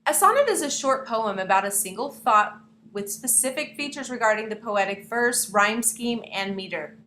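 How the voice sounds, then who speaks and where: A woman's voice: fairly high pitch, lively intonation, normal speed, a bit bright. A young woman, teaching a lesson to her students in a playful way and speaking to them directly. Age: young adult. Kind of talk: classroom lesson narration. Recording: echoey room with faint hiss.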